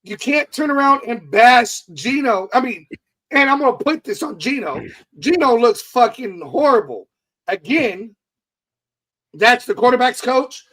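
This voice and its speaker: A man's voice: very high voice, animated, a little slow, fairly bright tone, low-quality recording. A man co-hosting a casual sports talk show, talking bluntly and swearing freely. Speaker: podcast co-host.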